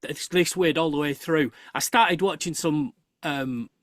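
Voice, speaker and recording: A host chatting on a live show, telling an animated story full of halting restarts. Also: medium pitch, no echo, clean studio sound. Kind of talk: casual chat on a live show.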